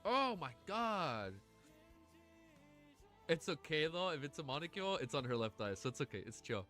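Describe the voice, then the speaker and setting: A man streaming casually, chatting excitedly with his audience, swearing and gushing, at times near tears. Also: on the high side, normal speed, soft background music. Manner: excitable, swears often, gushes and laughs. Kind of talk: casual livestream chat.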